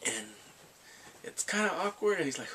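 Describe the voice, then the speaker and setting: A man giving a casual, animated recap of a drama, acting out the characters' lines in sudden squeals. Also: fairly high pitch, moderate pace, slight background noise. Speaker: drama reviewer.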